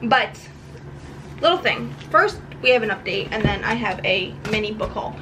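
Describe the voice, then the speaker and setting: A woman's voice: medium pitch, lively intonation, moderate pace, background noise. A young woman from New chatting casually in a book vlog at home, rambling and gushing with frequent laughs. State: tearful. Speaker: book vlogger. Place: home room.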